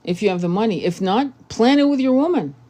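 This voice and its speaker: Blunt, foul-mouthed woman with a mellow voice. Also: on the high side, lively intonation, fairly quick. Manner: blunt, profane, emphatic. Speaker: tarot reader. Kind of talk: casual advice monologue.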